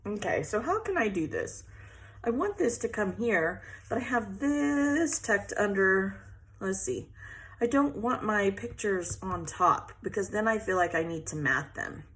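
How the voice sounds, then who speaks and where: A woman's voice: medium pitch, expressive, measured pace, a bit bright, a little hiss or hum. A middle-aged woman chatting casually while she scrapbooks, venting and laughing often. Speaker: scrapbooking vlogger. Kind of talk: casual chat while crafting.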